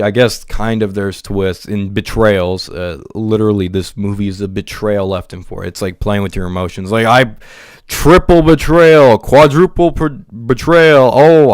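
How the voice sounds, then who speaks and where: A man's voice: lowish voice, darkish tone, clear, resonant tone, dry recording, studio quality. A man giving an exasperated, profane movie review rant, stumbling over his words as he goes. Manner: exasperated, profane ranting with stammered restarts.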